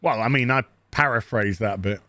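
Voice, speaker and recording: A man's voice: medium pitch, normal speed, bright, forceful tone, no echo. A man giving a crude, sarcastic, mocking recap of a TV episode as a show reviewer.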